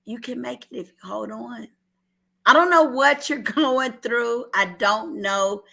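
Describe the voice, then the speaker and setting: A woman's voice: fairly high pitch, a little slow, gravelly, sharp tone. A middle-aged woman from Oakland with an Oakland accent, telling an earnest personal story on a call-in show and holding back tears. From Oakland, California. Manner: earnest, repeats herself, fights back tears. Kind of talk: emotional testimony on a call-in show.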